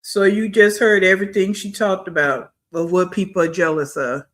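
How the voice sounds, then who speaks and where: Blunt mocking man with a high voice. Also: fairly even intonation, moderate pace, fairly bright tone. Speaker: reaction video host. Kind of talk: commentary on played clips.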